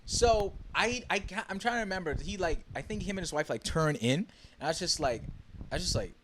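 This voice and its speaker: A young man from the Bahamas hosting a podcast alone, telling a story in a casual, excitable way with many fillers and restarts. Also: on the high side, quick pace, slight background noise. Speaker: podcast host.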